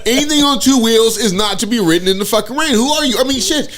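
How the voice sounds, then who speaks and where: A man's voice: very high-pitched, quick pace, a bit bright. A man co-hosting a casual podcast, cracking crude jokes and laughing a lot. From Portland area, US. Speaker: podcast co-host. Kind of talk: casual profane chat.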